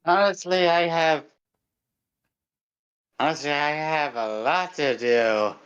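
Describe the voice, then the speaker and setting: Slow hesitant player, smooth voice, muffled lo-fi mic. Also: medium pitch, a bit bright. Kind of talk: tabletop role-play in character. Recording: dull lo-fi mic.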